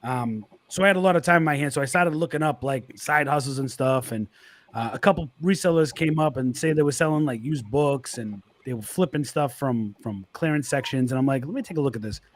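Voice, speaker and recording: A man with a mid-range voice speaks briskly as a guest on a livestream. He tells a story casually, quoting his own past thoughts as asides.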